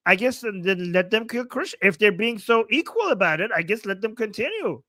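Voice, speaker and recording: A man's voice: sits high, animated, fairly quick, hardly any pauses, sharp tone, no room sound. A man commentating on a news clip in a sarcastic, combative way, swearing often. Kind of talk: reaction commentary.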